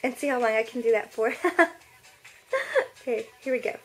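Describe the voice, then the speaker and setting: A woman's voice: a little high, flat delivery, normal speed, faint music behind. A woman chatting casually to her viewers in a cutesy baby-talk way from her bedroom. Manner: bubbly and playful. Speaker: vlogger and martial arts student. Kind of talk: casual vlog chat.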